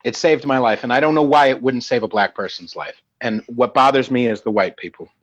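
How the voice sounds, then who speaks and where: A man's voice: mid-range voice, a little fast, lo-fi sound. A man from the Bay Area, a musician and podcast guest, arguing his side bluntly with a lot of swearing. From San Francisco Bay Area, US. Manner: profane, blunt and emphatic. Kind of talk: heated debate.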